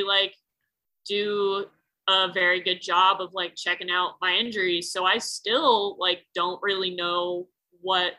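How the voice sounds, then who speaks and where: A woman with a bright, forceful voice spins a casual personal story in conversation. She rambles, leans on "like" constantly and swears without a second thought. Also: lowish voice, rough recording. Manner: rambling, heavy use of "like", swears freely.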